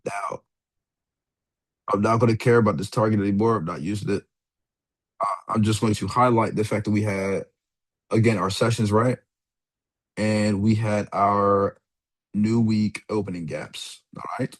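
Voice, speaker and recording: A man's voice: fairly low pitch, steady tone, a little slow, long pauses. A young man giving a casual, rambling trading lesson over a screen share, full of slang and swearing. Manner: laid-back slangy rambling, swears freely, calls listener dog and bro. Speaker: trading mentor.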